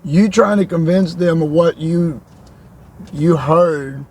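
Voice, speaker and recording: A middle-aged man with a somewhat high voice chats casually, cutting in with short questions to get the details. He is talking in a car, with faint vehicle noise behind him. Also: slow, a little mellow. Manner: asks short probing questions. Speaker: father and vlog host. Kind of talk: casual chat.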